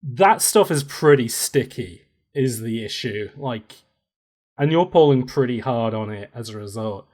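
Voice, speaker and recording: A man's voice: medium pitch, expressive, unhurried, a little mellow. A man narrating as game master of a tabletop role-playing game, playful and laughing often.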